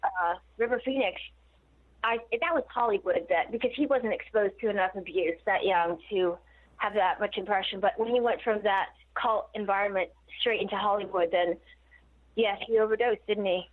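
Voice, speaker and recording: A woman's voice: mid-range voice, normal speed. A woman in her forties, a guest on a phone interview, telling long digressive stories with laughs mixed in. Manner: rambling, digressive storytelling with laughs. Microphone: phone call. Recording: tinny phone line.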